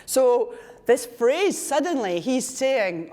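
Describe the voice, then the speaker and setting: A woman's voice: medium pitch, moderate pace. Scottish woman giving a chatty lecture. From Scotland. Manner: chatty and digressive, with asides and self-corrections. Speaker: conference speaker. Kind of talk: conference lecture.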